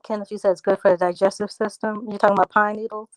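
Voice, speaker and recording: A woman hosting a casual livestream, reading out viewer comments and answering them in a relaxed, drawling country way. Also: medium pitch, very fast, no room sound, rough recording.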